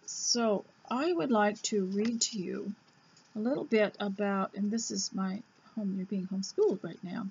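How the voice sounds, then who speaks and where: A woman host reading an old school reader aloud, breaking off into chatty asides and admitting she talks too fast. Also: mid-range voice, vocal fry, a little mellow, husky. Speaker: homemaking radio host. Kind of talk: casual reading lesson. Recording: dull lo-fi recording.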